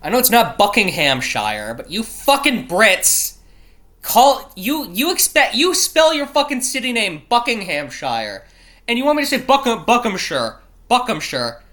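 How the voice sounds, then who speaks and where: An extremely high, very animated voice, bright and forceful, comes at a slightly slow pace from a non-British man hosting a casual solo show. Reading out news quiz questions, he reacts with heavy swearing and exasperation, cuts himself off, and stumbles over place names.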